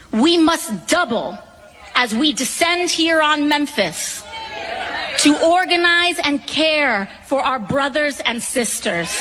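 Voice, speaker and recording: A woman giving a fiery rally speech with a preacher-like cadence, shouting out her lines. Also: sits high, background noise. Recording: live rally with loud crowd and music.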